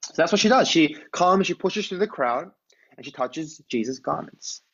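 A man's voice: a little high, expressive, normal speed, a bit bright, breathy edge, lo-fi sound. A man preaching a conversational sermon. He tells a Bible story and often asks his listeners to imagine the scene.

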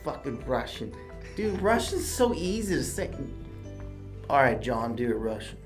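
A man's voice: on the high side, big pitch swings, moderate pace, faint music behind. An American man hosting a podcast, tipsy and swearing freely through casual, joking banter. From United States. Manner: crude, loose and joking, swears a lot. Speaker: podcast host.

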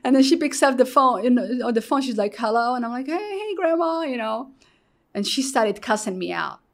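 Her voice is a little high, a little fast and gravelly: a middle-aged woman from Morocco giving an interview and sharing her own story openly. She animatedly performs the voices of those she quotes, with fillers such as "you know" along the way.

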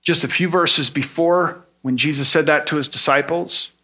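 A man's voice: on the high side, fairly even intonation, moderate pace, bright, forceful tone. A man preaching a sermon in an earnest tone. He explains with everyday examples and asks rhetorical questions. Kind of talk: sermon teaching.

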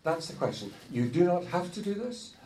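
A man co-leading a marriage course, talking informally to a group of couples in a good-humoured, halting way and laughing often. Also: fairly high pitch, sing-song, darkish tone. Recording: roomy hall, distant mic, faint noise.

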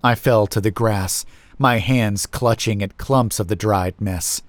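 A man narrating a first-person horror story in a slow, measured, brooding manner on a close mic. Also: fairly low pitch, dry recording.

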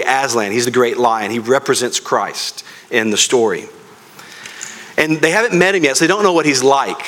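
A man's voice: mid-range voice, fairly bright tone. A man preaching a sermon as pastor, earnest and speaking directly to his congregation.

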